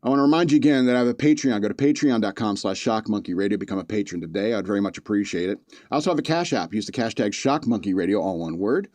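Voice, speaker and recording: A man's voice: on the low side, fast, a little mellow, no echo. A man hosting a podcast, reading news stories aloud with joking asides and frequent chuckles. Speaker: podcast host. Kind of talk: casual comedic commentary.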